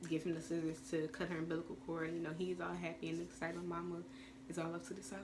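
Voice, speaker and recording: A woman's voice: fairly low pitch, completely flat delivery, fast. A teenage woman telling a storytime vlog in a chatty, rambling way, full of fillers. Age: teens. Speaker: vlogger. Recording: clear background noise.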